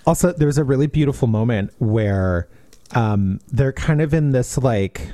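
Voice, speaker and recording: A man co-hosting a podcast, chatting casually about books, animated and laughing as he acts out quotes. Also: mid-range voice, measured pace, dry recording. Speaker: podcast co-host. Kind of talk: casual book discussion.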